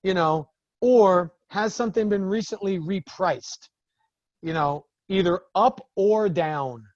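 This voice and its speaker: High-voiced man telling lively business stories. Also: slow pace, no echo, dull audio. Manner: animated storytelling, acts out the other people in his stories. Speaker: business coach. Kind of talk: talking to a group of business owners.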